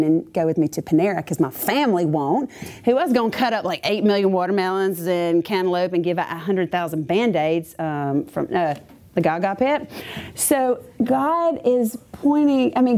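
Woman teacher, faith testimony to an audience, chatty and self-deprecating, mellow warm tone. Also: medium pitch. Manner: chatty, self-deprecating and humorous, with many asides. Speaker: schoolteacher.

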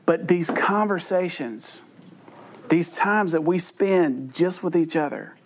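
High-voiced man teaching Bible study. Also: takes it slowly, a little hiss or hum. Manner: joking, conversational, self-deprecating asides. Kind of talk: humorous Bible study talk.

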